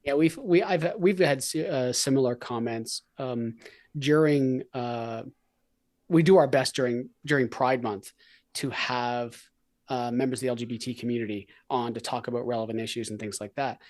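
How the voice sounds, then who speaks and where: A man's voice: medium pitch, normal speed, darkish tone. A man from Canada hosting a podcast, talking in a laid-back, blunt way with frequent fillers. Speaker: podcast host. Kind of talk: casual conversation.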